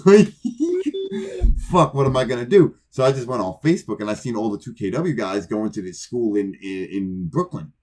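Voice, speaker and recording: A man's voice: mid-range voice, a little mellow. A man co-hosting a podcast, casually telling a rambling, profane story and acting out both sides of old conversations. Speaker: podcast co-host.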